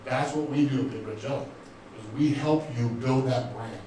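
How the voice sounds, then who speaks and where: A man's voice: medium pitch, normal speed, mellow, slight background noise. A man in his fifties giving an emotional, earnest motivational talk to a live audience, speaking directly to the crowd. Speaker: speaker at a business event. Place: event room with audience. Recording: very echoey room, voice from far off, faint ambience.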